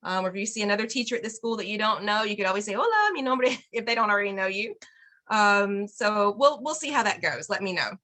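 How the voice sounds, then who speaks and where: A woman's voice: medium pitch, quick pace, bright, forceful tone. A woman teaching an online Spanish class to parents, cheerful and encouraging, laughing often over a video call.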